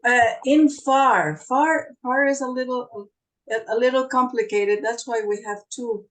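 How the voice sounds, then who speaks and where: Slow, patient teacher woman. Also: fairly high pitch, fairly bright tone, rough recording. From Brazil. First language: Portuguese. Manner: patient, encouraging, explains slowly. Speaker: English teacher. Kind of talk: online English class.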